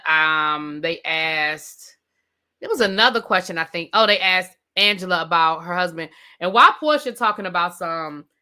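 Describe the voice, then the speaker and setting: A woman's voice: low voice, sharp tone. Sassy DC-accented woman ranting live. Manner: chatty, reads and answers live chat, sassy slang. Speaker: host. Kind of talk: live TV review rant.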